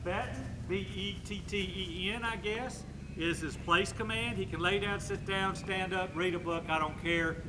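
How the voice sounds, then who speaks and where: Man, high-pitched, chatty instructive dog trainer outdoors, faint background noise. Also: steady tone, measured pace. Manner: instructive, chatty, addresses viewers directly.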